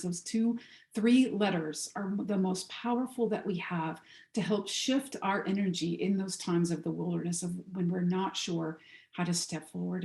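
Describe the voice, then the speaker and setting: Woman guest speaker, low-ish voice, gentle storytelling sermon, roomy video-call sound. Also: vocal fry. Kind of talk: spiritual talk leading into meditation.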